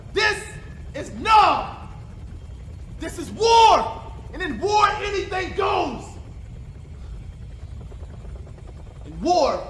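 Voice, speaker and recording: Man doing a brutal soldier interrogator, very high voice, lively swings, mocking, roomy echo. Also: heavily acted. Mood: furious. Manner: menacing, mocking, erupts into shouting. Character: brutal male American soldier interrogating a prisoner. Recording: roomy echo, faint background hiss.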